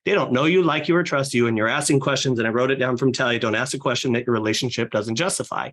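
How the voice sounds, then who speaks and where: A man guest on a podcast, talking fast and with energy about leading a sales team, often acting out how clients talk. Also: mid-range voice, fairly bright tone. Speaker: real estate team leader guest.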